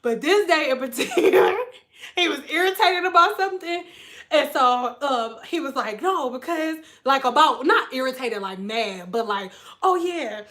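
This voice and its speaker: A woman vlogging in a high, bright voice, talking straight to her viewers. She tells her stories animatedly, swears without a second thought and keeps jumping into other people's voices. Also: moderate pace. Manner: animated storyteller, swears freely, acts out quotes. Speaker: beauty vlogger, former hairstylist. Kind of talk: casual chat to viewers.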